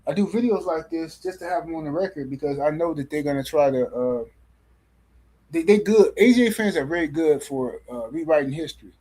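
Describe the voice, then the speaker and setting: Husky-voiced man ranting on a livestream. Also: fairly high pitch, animated, fairly quick, mellow, poor audio. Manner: slangy, repeats himself, rants and reads super chats. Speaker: boxing livestream host. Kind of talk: casual livestream commentary.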